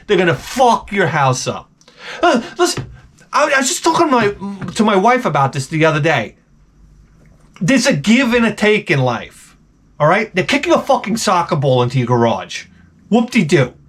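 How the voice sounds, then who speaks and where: A man ranting sarcastically while giving comedic advice, swearing a lot and sounding exasperated. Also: on the high side. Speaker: advice vlogger.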